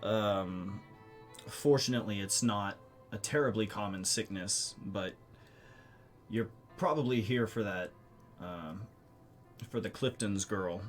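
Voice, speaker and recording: A man voicing a polite, gentle male shopkeeper in a tabletop game, courteous and grave when the talk turns serious. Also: on the low side, takes it slowly, pauses often, soft background music.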